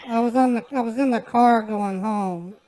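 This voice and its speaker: A woman scambaiter chatting on a live stream and then making a prank call, talkative and quick to laugh. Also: on the high side, warm tone, low-quality recording.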